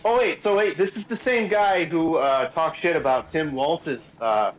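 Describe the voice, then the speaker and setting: Wry, higher-voiced man from Chicago. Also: low-quality recording. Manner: quick wry interjections, swears. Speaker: guest. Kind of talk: casual chat.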